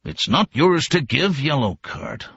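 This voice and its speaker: Brief: a man playing a sneering brute of an enforcer, husky, raised pitch, dull lo-fi sound. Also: big pitch swings, measured pace, a bit bright, dry recording, full character voice. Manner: sneering, contemptuous. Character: cruel swaggering male street enforcer.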